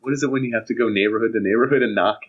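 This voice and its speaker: A young man telling casual anecdotes on a podcast, animated and acting out the voices of people in his stories. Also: fairly low pitch, very fast, slightly rough. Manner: animated, acts out voices in anecdotes, laughs often. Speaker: podcast co-host. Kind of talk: casual storytelling chat. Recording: dull lo-fi podcast audio.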